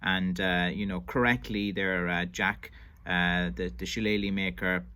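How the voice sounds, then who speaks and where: A man's voice: low voice, steady tone, measured pace, pushed and bright, clean tone. A man from Ireland casually commenting on an old interview clip, hesitant with many fillers and restarts. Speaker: stick maker reviewing an old interview.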